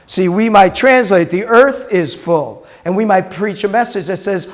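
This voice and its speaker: During a Hebrew class lecture, a middle-aged rabbi patiently says words aloud again and again and asks his students questions. He has a high voice and talks a little slowly.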